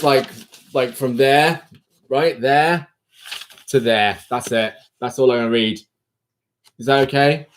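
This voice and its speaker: A man hosting a casual livestream, chatting playfully and answering viewers' comments aloud, with sudden high exclamations. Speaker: livestream host.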